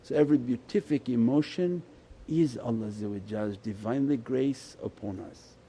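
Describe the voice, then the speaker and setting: A man giving a Sufi sermon as shaykh, impassioned and pleading, his voice swelling loud and then dropping low. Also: moderate pace, slight background noise.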